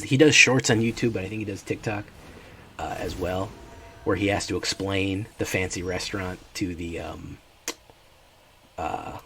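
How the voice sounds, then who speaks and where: A man's voice: low voice, a bit bright, a little hiss or hum. A man streaming a card game, chatting in a laid-back, rambling way with his viewers. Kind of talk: casual gameplay chat.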